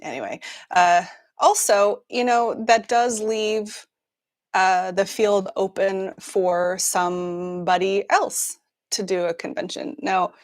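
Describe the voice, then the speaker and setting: A woman's voice: medium pitch, steady tone, takes it slowly. A woman hosting a news livestream, chatting casually with many fillers and restarts, laughing often. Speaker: news show host.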